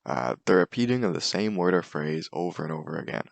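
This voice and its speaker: Low gravelly young man presenting. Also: lively intonation, fairly quick, no room sound. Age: young adult. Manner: casual, hesitant with many fillers. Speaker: student presenter. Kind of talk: class presentation.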